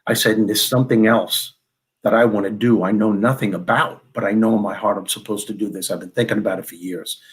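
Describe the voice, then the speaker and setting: A middle-aged guest on a podcast, once a comedian and now a motivational speaker, spins a lively story in a lowish voice. Hailing from Long Island, New York, he plays the other people in his tales, firing off their lines in quick bursts.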